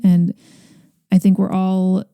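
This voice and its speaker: A woman's voice: mid-range voice, completely flat delivery, slow, clean tone, no room sound. Encouraging woman podcast host. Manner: warm, encouraging, addresses listeners. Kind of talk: podcast interview.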